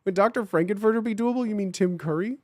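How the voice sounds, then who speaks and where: A man's voice: sits high, fast talker, no echo, clean studio sound. A young man hosting a live stream, chatting casually with viewers, swearing and laughing often. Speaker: livestream host.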